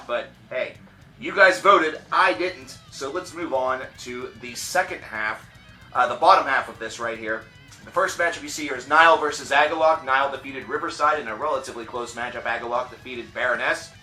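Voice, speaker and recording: A man hosting his own video channel, talking in an upbeat, chatty way with quick asides. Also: medium pitch, pushed and bright. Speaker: channel host. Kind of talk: casual vlog presentation. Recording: echoey room with faint music.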